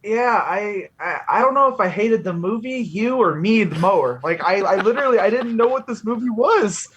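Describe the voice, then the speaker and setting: A man's voice: high-pitched, animated, moderate pace, a bit bright, highs cut off, slight background noise. A man guesting on a movie podcast, rambling in casual chat full of "like" and the odd curse. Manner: rambling, profane, many "like" fillers.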